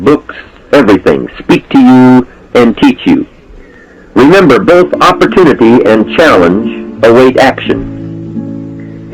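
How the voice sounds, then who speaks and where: A man narrates reflective life advice at a measured pace, his pitch rising and falling in a lively way. Soft music plays faintly underneath. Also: rough recording.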